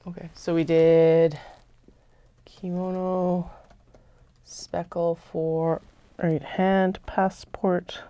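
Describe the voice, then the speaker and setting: Woman host, unhurried and lowish, chats and mutters to herself at her craft table; relaxed, thinking out loud. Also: clean tone. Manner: chatty, laid-back, drifts into soft whispers. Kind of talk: casual talk while working.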